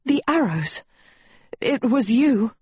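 A woman's voice: a little high, lively intonation, takes it slowly, a little mellow, breathy edge, no room sound, voice pushed up, exaggerated voice. A woman voicing a frightened young heroine who stammers and speaks shakily. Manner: shaky, stammering.

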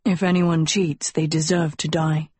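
A woman voicing a confident, protective young prince in an audiobook, lowering her voice and speaking in an assured, commanding way. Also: flat delivery, unhurried, a little mellow, husky, dry recording. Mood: earnest.

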